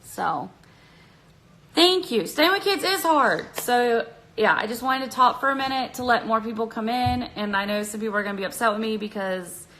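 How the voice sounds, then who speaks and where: A woman's voice: fairly high pitch, normal speed, bright, forceful tone, slight background noise, low-quality recording. A young woman chatting on a phone livestream, nervous and chatty, laughing often. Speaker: vlogger on a livestream. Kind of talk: casual livestream chat. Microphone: phone at arm's length.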